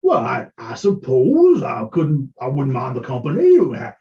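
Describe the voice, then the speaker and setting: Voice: mid-range voice, wildly swooping pitch, moderate pace, reverberant, far from the mic. Game master playing a stammering portly flirt. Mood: flirtatious. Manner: stammering, hesitant. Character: portly flirtatious middle-aged man at tavern. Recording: muffled lo-fi recording.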